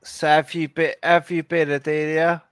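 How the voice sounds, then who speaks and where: A man's voice: on the high side, little pitch movement, moderate pace, no echo. A man co-hosting a game playthrough in easygoing, jokey casual chat. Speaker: co-host playing a video game.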